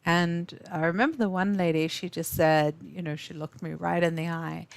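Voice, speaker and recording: Woman, from South Africa, webinar host, warm and effusive, frequent ums and restarts, slightly low voice, dry close sound. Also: steady tone, normal speed, gravelly, no echo. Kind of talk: live webinar talk to viewers. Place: office.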